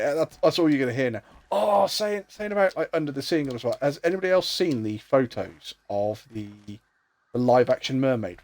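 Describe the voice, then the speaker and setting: He has a mid-range, somewhat dark voice. While streaming a video game, he chats and jokes casually with friends and keeps muttering to himself as he plays.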